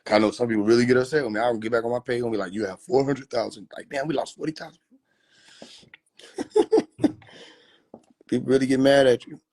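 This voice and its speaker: A man's voice: medium pitch, fairly even intonation, brisk, pauses often, a little mellow. A man chatting casually on a phone livestream, loose and profane, laughing often. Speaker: livestream host.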